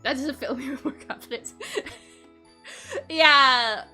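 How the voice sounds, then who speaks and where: A young woman with a high, bright voice talks casually to her live chat on stream. She is chatty and giggles often between sentences. Faint music plays quietly under her voice. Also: slow.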